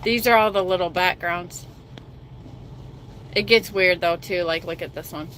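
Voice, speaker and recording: A woman's voice: fairly low pitch, a little slow, fairly bright tone, a little hiss or hum. A middle-aged woman trucker hosting a casual livestream chat, self-mocking and reading viewer comments aloud.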